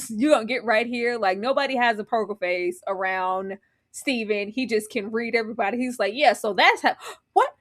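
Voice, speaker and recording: A woman's voice: fairly high pitch, moderate pace. A woman hosting a live TV recap, retelling scenes animatedly with acted-out quotes and laughter. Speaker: podcast host.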